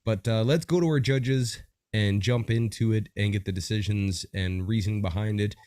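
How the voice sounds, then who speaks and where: A man's voice: on the low side, moderate pace, darkish tone, no room sound, clean studio sound. A man hosting a livestream, upbeat, chatty and rambling as he runs through judging results. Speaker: livestream host.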